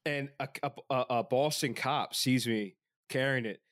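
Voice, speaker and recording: A man's voice: mid-range voice, normal speed, a bit bright. Swearing man, rambling stories. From Philadelphia. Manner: rambling storytelling, heavy swearing. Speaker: podcast co-host. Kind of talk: casual chat.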